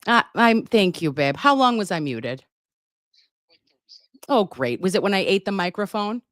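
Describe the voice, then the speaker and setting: Sassy woman on a home livestream, swoopy voice, talks slow, dry close mic. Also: medium pitch, dry recording. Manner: sassy, profane, animated banter with viewers. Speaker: livestream host, legal nurse consultant. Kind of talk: casual livestream chat. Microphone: desk microphone.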